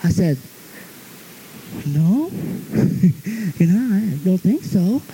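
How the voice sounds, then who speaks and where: A man's voice: sits high, big pitch swings, very slow, vocal fry, warm tone, slight background noise, poor audio. A middle-aged man preaching a sermon in a folksy, storytelling way, laughing often as he talks.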